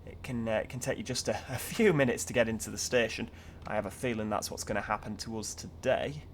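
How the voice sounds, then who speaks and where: A man's voice: fairly low pitch, quick pace, slight background noise. A man, chatting casually through his gameplay commentary with a dry, self-mocking humour. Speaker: video game commentator.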